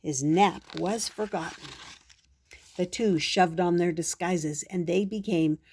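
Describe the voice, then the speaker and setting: Older woman, storybook reader; slow, gentle, unhurried delivery. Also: on the low side, slightly rough. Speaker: storyteller grandmother. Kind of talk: reading a children's book aloud.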